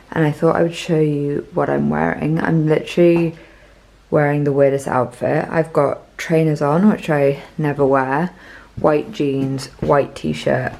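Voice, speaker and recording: A woman's voice: sits low, creaky, a little mellow, low-quality recording. A young woman casually chatting through her day as a vlogger, showing food and clothes at home. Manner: chatty, matter-of-fact commentary while showing things. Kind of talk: casual vlog chat. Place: home, indoors. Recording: noticeable background noise.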